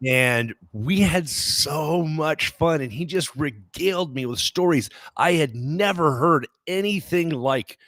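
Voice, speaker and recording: A man's voice: a little high, animated, slow, few pauses, a bit bright, no echo. A middle-aged man co-hosting a podcast, telling a story in casual chat. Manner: laughs easily, storytelling. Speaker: podcast co-host.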